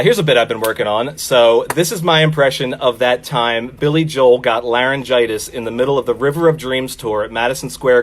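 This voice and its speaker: A man doing stand-up at an online open mic, setting up his impressions with plenty of "uh"s. He talks at a mid pitch in an easy, self-deprecating way. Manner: self-deprecating, many "uh" fillers. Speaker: stand-up comic. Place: home, virtual open mic.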